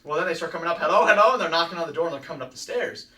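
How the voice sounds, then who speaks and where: A young man co-hosting a casual studio chat, telling a story in a lively way. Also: a little high, racing. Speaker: co-host. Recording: slightly distant mic, faint noise.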